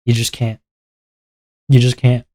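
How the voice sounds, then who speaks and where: A man's voice: mid-range voice, monotone, unhurried, warm tone. A young man from Canada, a streamer ranting casually and with exasperation, swearing and laughing as he talks. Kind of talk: casual livestream rant.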